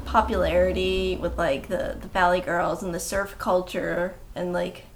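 A woman's voice: on the low side, level tone, a little slow, a little hiss or hum. A young woman co-hosting a movie podcast, chatting casually and peppering her talk with "like". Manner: chatty, many "like"s, reads descriptions aloud. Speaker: podcast co-host.

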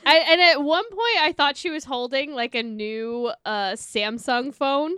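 A woman's voice: sits high, bright, forceful tone, no echo, studio quality. A woman co-hosting a podcast, chatting about a film in a bubbly, joking way. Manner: bubbly, quick jokes. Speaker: podcast co-host. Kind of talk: casual chat.

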